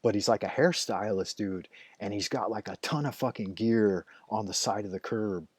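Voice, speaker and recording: Rambling and chatty, this middle-aged live-stream host swears a lot and fills pauses with "like" and "you know" as he tells stories. His voice sits on the low side, a little mellow with a breathy edge, at normal speed and with no room sound.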